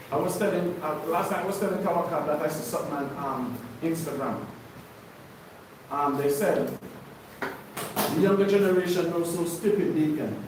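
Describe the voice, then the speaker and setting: A man leading a sermon-style Bible study for a congregation, preaching with call-and-response questions. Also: high-pitched. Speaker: teacher of a congregation. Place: congregation hall. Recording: very echoey room, far from mic, noisy.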